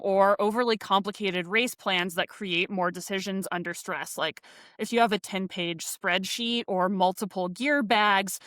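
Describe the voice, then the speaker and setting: A woman's voice: mid-range voice, fairly bright tone, no room sound, studio quality. A young woman co-hosting a coaching podcast, talking casually and playfully with lots of fillers. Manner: chatty, many "like" fillers, playful. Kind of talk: casual chat.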